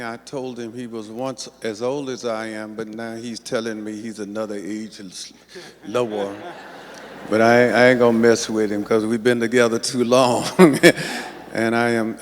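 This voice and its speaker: An older man, a pastor, introducing the guest speaker to his congregation with a call-and-response preaching cadence. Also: medium pitch. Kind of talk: church introduction. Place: large church sanctuary. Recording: long hall reverb, faint noise.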